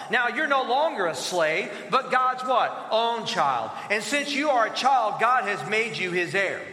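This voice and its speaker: A man preaching a sermon to his congregation in a large church. He is energetic and prompts the crowd to call out answers and repeat after him. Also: extremely high pitch. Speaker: pastor. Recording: echoey church hall with long reverb.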